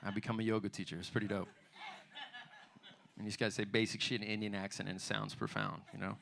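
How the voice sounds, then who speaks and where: A man's voice: lowish voice, little pitch movement, quick pace, gravelly, fairly bright tone. A man performing a stand-up comedy set in a loose, conversational way, often asking "you know what I mean". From United States. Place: theater bar stage.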